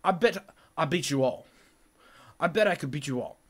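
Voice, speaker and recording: A man telling a story to his viewers in a casual, animated rant, profane, rambling and repetitive. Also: fairly high pitch, moderate pace. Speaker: vlogger.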